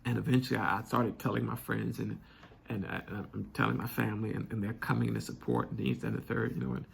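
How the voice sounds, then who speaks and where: A young man telling a personal story candidly, halting and restarting often. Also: lowish voice, lively intonation, creaky, a little hiss or hum. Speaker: vlog host.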